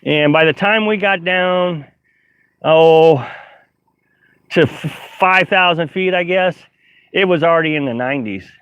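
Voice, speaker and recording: This middle-aged man's voice sits on the high side, a little bright and clean, with no echo; he talks at a measured pace and pauses often. Hosting a laid-back live stream in his camper, he reads viewer comments aloud, rambling, laughing often, and stumbling through many fillers and restarts. The live-stream recording sounds dull and lo-fi.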